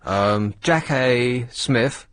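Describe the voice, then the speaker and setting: A man's voice: medium pitch, extremely slow, a bit bright, dry recording. A man co-hosting a radio show, answering in a dry, wry, teasing way. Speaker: radio co-host, researcher. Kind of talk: casual radio banter.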